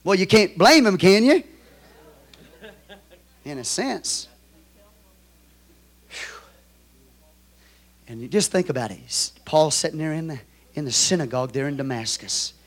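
A man with a Texan accent preaching a sermon as pastor, moving from quiet storytelling to loud, shouted exhortation. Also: fairly high pitch, animated, unhurried, long pauses.

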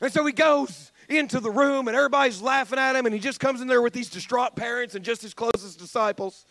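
High-voiced preacher, dry sound. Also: male voice, fast, hardly any pauses, a bit bright, dry recording. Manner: repetitive, rhythmic preaching cadence; earnest, emphatic storytelling. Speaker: pastor. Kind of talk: sermon.

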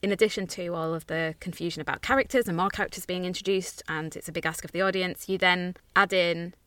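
Woman co-host, bright tone, close dry mic, wry chatty delivery. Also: on the low side, steady tone, quick pace, no echo. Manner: wry, chatty, laughs at herself. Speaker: podcast co-host. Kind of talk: casual chat about a TV series.

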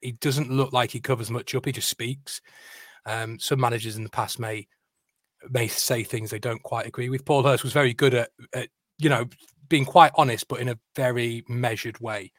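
A man's voice: medium pitch, steady tone, moderate pace, a bit bright, no echo, studio quality. A man co-hosting a football podcast, stating his views firmly. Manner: firm, opinionated. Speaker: podcast co-host. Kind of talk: casual football chat.

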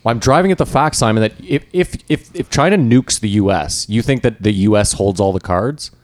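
A man's voice: fairly low pitch, brisk, dry recording. A man co-hosting a casual podcast chat, arguing his point and pushing the others with questions. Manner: argumentative, pressing with questions. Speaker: podcast co-host.

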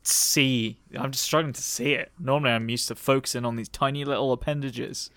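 A man's voice: mid-range voice, steady tone, a little fast, a bit bright, no echo. A man playing in a tabletop game, playful and given to silly sound effects. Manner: playful, makes silly noises. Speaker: player. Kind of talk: casual tabletop game chat.

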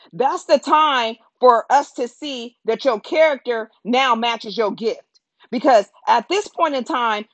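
A woman's voice: on the high side, dry recording. A woman preaching a sermon in an earnest, conversational way, asking rhetorical questions.

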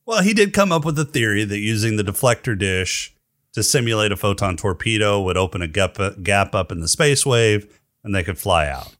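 Lively man making his case casually. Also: fairly low pitch, dry recording, clean studio sound. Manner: opinionated, deliberate, argues points. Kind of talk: casual podcast banter.

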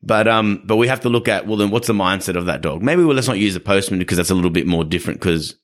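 A man's voice: sits low, fast. A young adult man hosting a podcast, explaining dog behavior in a casual, explanatory way and acting out quoted people. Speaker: podcast host, dog trainer.

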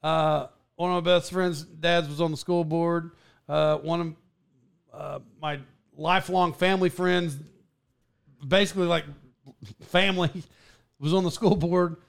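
A man with a high voice tells a long story to his podcast co-host in a loose, casual way. He rambles, laughs often and restarts his sentences. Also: fairly even intonation, measured pace, vocal fry, pauses often, clear, resonant tone.

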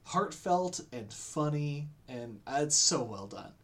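High-voiced enthusiastic man. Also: animated, slow. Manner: enthusiastic, repeats words when starting. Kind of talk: casual chat.

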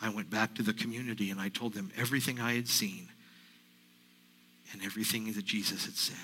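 A man, a pastor, voicing a grieving woman disciple in a first-person dramatic sermon monologue, halting and repeating himself as he retells. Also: fairly low pitch, fairly even intonation, pushed and bright, a little hiss or hum, low-quality recording. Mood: earnest. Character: grieving woman disciple recounting the empty tomb.

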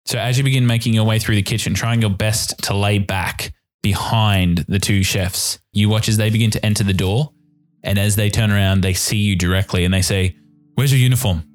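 Low-voiced man narrating a tabletop game. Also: a little fast, faint music behind. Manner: descriptive, relaxed narration with fillers. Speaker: game master.

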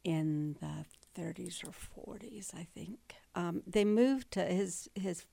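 Older woman guest, low gravelly voice, chatty storyteller, dry close mic. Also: takes it slowly, dark tone, no room sound. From Northern Virginia. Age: 60s. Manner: chatty storyteller, laughs often. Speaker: interview guest. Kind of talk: casual interview chat.

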